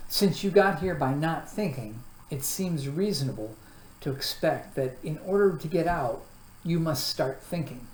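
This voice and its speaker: A woman voicing a gruff, impatient watchdog with a clock for a body, growling and scolding in a storybook reading. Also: deep voice, lively intonation, measured pace, a little mellow. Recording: echoey room, faint background hum.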